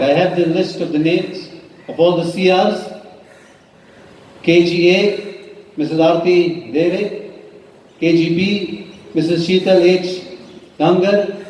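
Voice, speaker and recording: A man's voice: sits high, fairly even intonation, slow, long pauses, darkish tone, some chatter behind, slight background noise. A man, a school principal addressing parents at a meeting in a firm, emphatic way. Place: large school hall. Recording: echoey hall heard from a distance.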